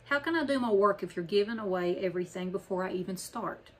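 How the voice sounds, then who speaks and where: A woman's voice: medium pitch, lively intonation, fast, natural voice. A woman reading as a grumpy old man. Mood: indignant. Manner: gruff, blunt, dismissive. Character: grumpy old male book appraiser. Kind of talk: audiobook character reading.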